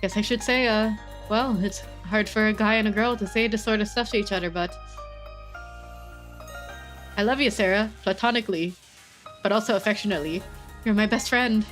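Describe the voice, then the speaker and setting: Woman voicing a casual teenage boy, joking best friend, slangy, medium pitch, faint game music. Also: normal speed, long pauses, a bit bright, natural voice. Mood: affectionate. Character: young male best friend, easygoing and joking.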